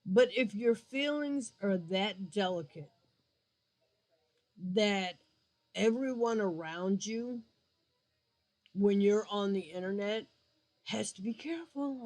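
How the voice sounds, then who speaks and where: Woman vlogger, slow and deliberate delivery, blunt and emphatic, casual opinion piece. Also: mid-range voice, darkish tone, rough recording. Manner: blunt and emphatic, with mocking asides. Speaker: YouTube vlogger and gamer. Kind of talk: frank opinion vlog.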